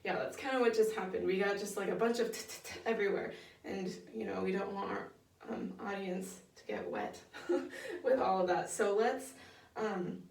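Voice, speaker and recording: A woman's voice: medium pitch, creaky. A young woman leading a women's choir rehearsal, patient and encouraging, with many fillers as she explains singing technique. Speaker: choir director. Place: rehearsal room. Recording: echoey room, voice from far off.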